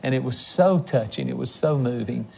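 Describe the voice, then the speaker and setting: A man's voice: mid-range voice, normal speed, gravelly, a little mellow, a little hiss or hum. A man hosting a religious television program, making an earnest, emotional fundraising appeal to viewers. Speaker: television ministry host. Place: on location.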